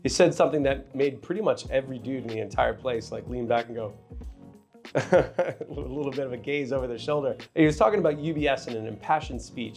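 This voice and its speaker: A man's voice: mid-range voice, brisk, gravelly, a little mellow, soft background music. A man hosting his own finance channel, giving casual market commentary to camera with candid, joking asides to viewers. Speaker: finance video host and trader.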